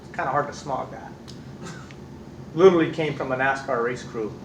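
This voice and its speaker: A middle-aged man from California, an instructor who tells lively stories in class, acting out voices and swearing casually. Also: medium pitch, normal speed, a little hiss or hum. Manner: animated storyteller, acts out voices, swears casually. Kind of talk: anecdotes in a class. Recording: echoey room, distant mic.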